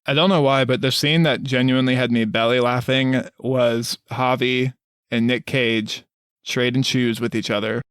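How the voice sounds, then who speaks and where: A man co-hosting a casual movie review podcast, recounting scenes in an even, steady way. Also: mid-range voice, moderate pace, clear, resonant tone, dry recording, studio quality. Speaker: podcast co-host.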